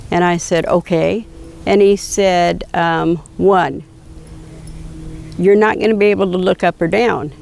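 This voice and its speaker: Slow gravelly older woman telling her story. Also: lowish voice, steady tone, a little mellow, slight background noise. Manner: slow, reflective, quoting dialogue with hesitations. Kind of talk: personal storytelling.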